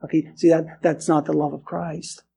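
High-voiced, animated male preacher. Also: normal speed, gravelly, slightly rough. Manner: animated, swings between quiet earnest lows and raised exclaiming passages; restarts and repeats words often while preaching. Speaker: pastor. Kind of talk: expository sermon.

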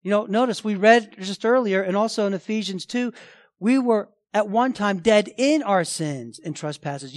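A man preaching a sermon as pastor, emphatic, often asking the congregation questions and swinging between loud declarations and hushed lines. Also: high-pitched, dry recording, clean studio sound.

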